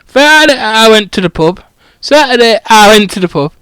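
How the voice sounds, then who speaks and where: A man's voice: sits high, lively intonation, normal speed, sharp tone, smooth, no echo. Brief: foul-mouthed pub-loving giant, played by a man, blunt and rambling, bouncy delivery. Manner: swears constantly, rambling and blunt.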